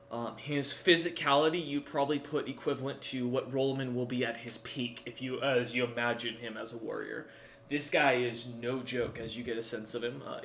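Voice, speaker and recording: A man serves as game master and narrates the scene in a loose, rambling way. His voice is bright and forward. The room around him gives a clear echo. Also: mid-range voice, slight background noise. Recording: echoey room.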